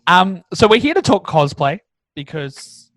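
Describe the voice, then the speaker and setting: A man hosting a podcast, chatty and quick to laugh. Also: sits high, sing-song, a bit bright, low-quality recording. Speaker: podcast host. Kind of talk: casual chat.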